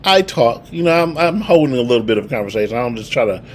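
Quickly paced, the mid-range voice of a young man in his twenties carries slight background noise as he co-hosts a podcast. Casual and profane, he tells an animated story and voices the dialogue of those in it.

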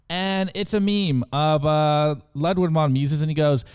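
A man co-hosting a show, running through memes in an excitable, slangy way and directing his co-host. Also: fairly high pitch, unhurried, hardly any pauses, clear, resonant tone. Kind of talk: casual show commentary.

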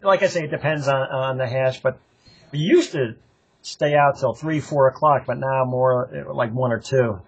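An older man, a longtime running club member, guests on a casual interview and spins rambling, profane anecdotes from his club days, laughing often. His voice sits at medium pitch with a slightly rough edge, delivered at a moderate pace on a lo-fi recording.

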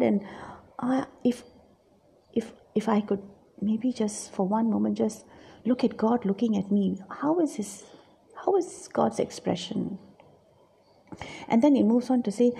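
A woman's voice: on the high side, a little slow, gravelly, long pauses, warm tone, husky. A middle-aged woman giving a reflective, confessional Bible teaching, acting out her own inner voice.

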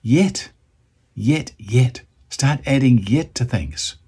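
A man's voice: mid-range voice, animated, takes it slowly, warm tone, slightly rough. A man from New Zealand with a New Zealand accent, hosting a motivational video and talking enthusiastically to camera, at times bantering with himself.

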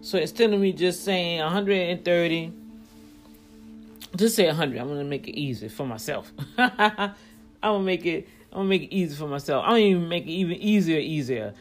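A woman's voice: fairly low pitch, lively intonation, brisk, faint music behind. Rambling woman vlogger talking to viewers. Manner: rambling, talks things through aloud, addresses viewers directly; emphatic when riled up. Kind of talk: casual commentary to viewers.

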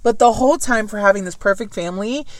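A woman's voice: medium pitch, fast, no room sound. A woman in casual chat about a book, swearing often and acting out quotes with laughter.

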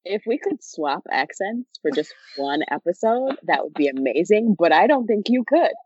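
A young woman talks in a laid-back, joking way as a podcast co-host and swears casually. Her voice sits fairly low. The recording is dry and somewhat dull. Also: very animated, normal speed, darkish tone, husky, no echo. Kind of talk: casual chat.

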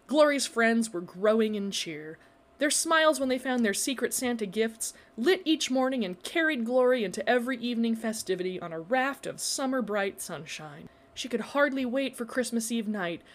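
A woman narrating a story in a measured, expressive reading. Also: fairly high pitch.

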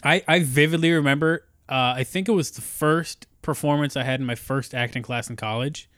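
A man's voice: fairly high pitch, brisk, a bit bright, dry recording, studio quality. A young man in his twenties hosting a podcast in a loose, rambling chat full of fillers and restarts. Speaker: podcast host. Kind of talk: casual chat.

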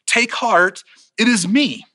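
A man voicing a calm, authoritative male teacher who speaks firmly and reassuringly, quoted inside a sermon. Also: high-pitched, slow, dry recording, clean studio sound, voice pushed up, heavily acted. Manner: firm, reassuring.

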